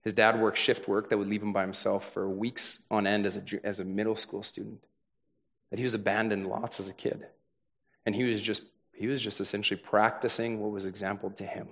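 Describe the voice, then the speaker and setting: Earnest, low-voiced pastor giving a sermon. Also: male voice, fairly bright tone. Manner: conversational, earnest, many "right?" asides.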